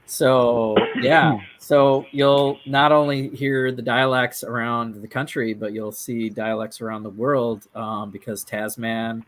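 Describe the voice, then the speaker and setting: A man's voice: medium pitch, a bit bright. A man from Minnesota co-hosting a casual hobby talk show, rambling with lots of fillers and restarts. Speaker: co-host. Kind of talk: casual chat.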